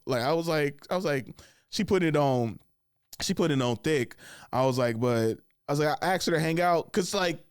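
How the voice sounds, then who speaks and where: A man's voice: a little high, expressive, normal speed, clear, resonant tone, dry recording, clean studio sound. A young man hosting a podcast, telling a casual, rambling story and acting out what other people said. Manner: rambling, repeats "I was like", acts out the voices of other people. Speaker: podcast host.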